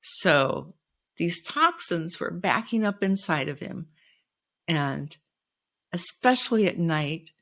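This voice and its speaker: A middle-aged woman with a somewhat low voice tells a personal story on her podcast. She speaks in an earnest, reflective way. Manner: reflective, earnest, quoting others with raised voice. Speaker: podcast host.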